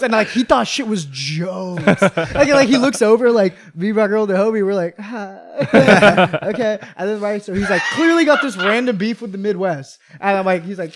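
Telling a story during a casual chat, this podcast co-host has a high voice and a moderate pace with hardly any pauses. He narrates with animation and acts out the quotes.

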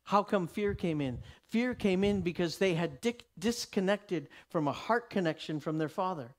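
A man's voice: sits high, lively intonation, normal speed. A man teaching a sermon emphatically, often restarting his sentences. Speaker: Bible teacher.

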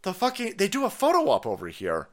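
A man hosting a livestream, ranting loudly with sarcasm, constant cursing and frequent laughter. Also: high-pitched, huge pitch swings, quick pace. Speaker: livestream host. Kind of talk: profane ranting commentary.

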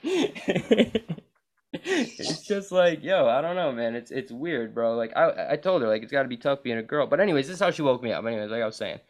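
A young man hosts a crude, casual podcast chat. He rambles from one tangent to the next, swears freely and leans on "like" and "bro" in nearly every sentence. His voice sits at an ordinary middle pitch for a man. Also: animated, quick pace, hardly any pauses. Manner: rambling, profane, says "like" and "bro" constantly. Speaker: podcast host.

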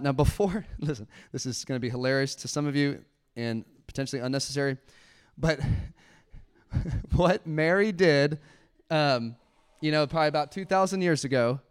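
A young adult man preaching a sermon to a congregation in a church, casual and playful, laughing often and dropping to a hushed voice when he shows how to pray. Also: mid-range voice, moderate pace, clean tone. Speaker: pastor. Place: church sanctuary before a congregation.

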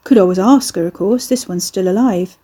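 A woman's voice: medium pitch, brisk, mellow, breathy edge, close to an everyday voice. A woman voicing a sardonic young man who works curses, mocking, offhand and crude.

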